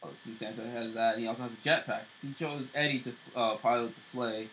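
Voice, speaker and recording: A man's voice: medium pitch, steady tone, a little fast, a bit bright, slight background noise, low-quality recording. A man co-hosting a show, casually recapping TV episodes with loose fillers and restarts. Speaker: show co-host.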